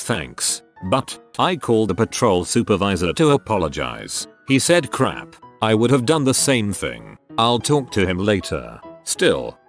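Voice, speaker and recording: Low, lively male storyteller. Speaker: narrator reading online posts. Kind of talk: scripted narration.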